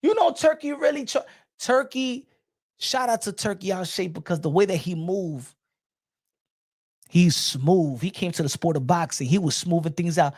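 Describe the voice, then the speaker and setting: A man hosting casual livestream boxing commentary, talking in an animated and emphatic way. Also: sits high, moderate pace, dry recording, studio quality.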